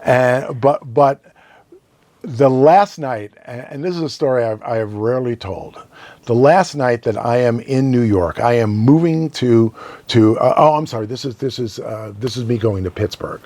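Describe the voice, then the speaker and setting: An older man spins stories from his years in radio as an interview guest. He talks in an animated, conversational way at a middling pitch and keeps tossing in "right?" to pull the listener along. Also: moderate pace, dry recording. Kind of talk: casual storytelling interview.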